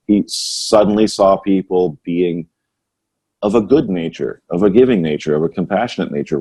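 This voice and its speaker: A low-voiced man hosting a relaxed podcast conversation. His tone is dark and mellow with a husky edge. He thinks out loud in long, wandering stretches, checking in with "right?". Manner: rambling, musing, repeats "right?". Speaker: podcast host. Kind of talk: casual conversational chat.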